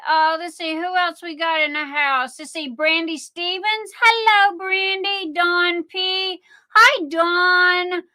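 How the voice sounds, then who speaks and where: A middle-aged woman with a Southern US accent chats her way through a live craft show, drawling slowly and leaning on fillers. Her voice sits high and sounds bright and sharp. She rambles loosely from one item to the next. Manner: rambling, chatty, many fillers. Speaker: livestream host selling crafts. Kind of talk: casual live-stream chat.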